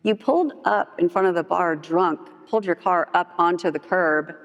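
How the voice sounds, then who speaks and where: A woman gives her personal recovery testimony at a meeting, candid and humorous, with frequent "like" fillers. An animated storyteller, she acts out others' lines in a higher voice. She speaks at normal speed, and the muffled recording echoes with the long reverb of a large meeting hall.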